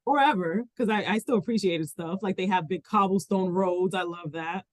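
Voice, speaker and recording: A woman's voice: on the low side, normal speed, no echo. A woman from the Dominican Republic co-hosting a casual podcast chat, rambling with many restarts and "like" fillers. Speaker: podcast co-host.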